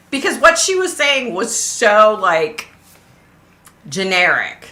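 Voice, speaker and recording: Taking her time in a medium-pitched voice, a middle-aged woman hosting a psychic livestream tells a story casually. She's animated throughout, laughing plenty and imitating what others said.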